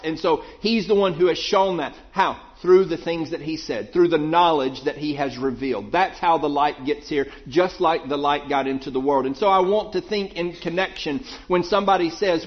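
A man preaching a Bible sermon, asking questions and dropping low to answer them. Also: highs cut off.

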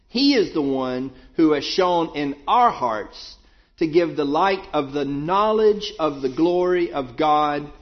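Earnest male preacher, muffled recording. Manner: earnest, rising on questions and dropping low on answers. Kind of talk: sermon.

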